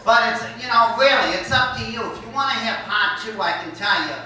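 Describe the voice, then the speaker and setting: High-voiced man telling a crude stand-up story. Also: fairly quick. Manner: crude, deadpan storytelling with profanity. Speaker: stand-up comedian. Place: college comedy hall with audience. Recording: roomy, distant audience recording with noise. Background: audience laughter.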